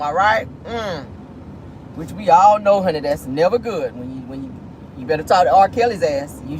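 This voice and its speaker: Woman, sassy gossip vlogger, lively swooping pitch, talking from her car, faint road noise. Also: low-quality recording. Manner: sassy, animated, exclamatory. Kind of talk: casual gossip commentary. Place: in a car, driving near an airport.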